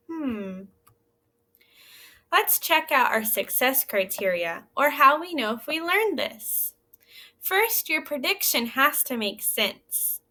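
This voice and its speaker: A woman teaching young children in a recorded lesson, reading a story aloud and asking gentle, encouraging questions. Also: high voice. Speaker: elementary school teacher.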